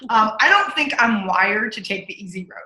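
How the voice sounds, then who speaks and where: A woman guest coach telling stories in an interview, energetic and punchy, acting out her own inner voice. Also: medium pitch, normal speed, echoey room, poor audio. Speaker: podcast guest, accountability coach. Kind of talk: candid interview storytelling.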